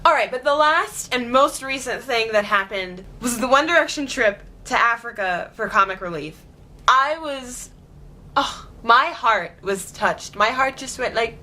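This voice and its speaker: A woman vlogging in casual chatty storytelling, giggly, excitable and gushing. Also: high-pitched, normal speed.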